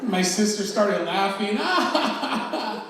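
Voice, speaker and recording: A man's voice: sits high, lively intonation, moderate pace. A man in his thirties performing a self-mocking stand-up comedy set, telling stories and acting out quotes. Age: 30s. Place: live comedy show in an echoey hall. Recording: roomy live hall recording from far off, audience laughter. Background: audience laughing.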